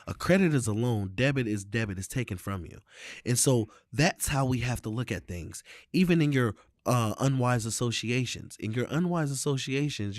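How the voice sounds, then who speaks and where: Animated man with a preacherly cadence. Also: medium pitch, no echo, clean studio sound. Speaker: host. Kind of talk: casual conversation.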